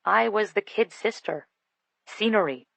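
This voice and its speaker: A woman reading a first-person romance audiobook in an expressive, lightly comic manner. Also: medium pitch, unhurried, vocal fry, no echo, rough recording. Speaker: audiobook narrator. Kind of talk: first-person scripted narration.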